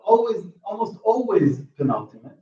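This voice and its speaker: A man giving an academic talk in linguistics, halting and restarting often, checking in with the audience. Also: high-pitched, sing-song, dark tone, distant mic. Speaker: linguistics lecturer. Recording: roomy lo-fi hall recording from afar.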